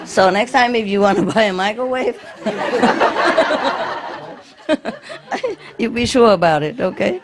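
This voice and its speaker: A woman's voice: on the high side, very animated, drawn-out words, pauses often, a loud crowd, very noisy. A woman, a spiritual teacher, telling jokes to a gathering, laughing often and repeating words as she goes.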